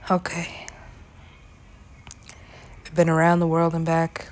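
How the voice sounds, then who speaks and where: Speaking slowly in a deep, completely flat voice, a young woman vlogs about her personal life in a loose, rambling way. Her talk is peppered with "like" and swearing, she laughs often, and at moments she sinks into a whisper.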